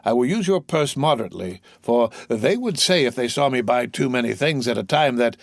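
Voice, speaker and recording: A man voicing a gentle, modest old father who speaks softly in an audiobook. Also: medium pitch, lively intonation, brisk, gravelly, dry recording, clean studio sound. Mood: gentle, mild. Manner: soft, modest, smiling.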